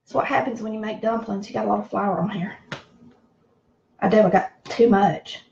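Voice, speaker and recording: A woman's voice: medium pitch, steady tone, moderate pace, creaky, darkish tone, muffled recording, slight background noise. A middle-aged woman with a Southern American accent, chatting folksily as she cooks in her home kitchen. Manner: folksy, chatty, talks to viewers as y'all. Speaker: cooking show host. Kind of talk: casual cooking chat.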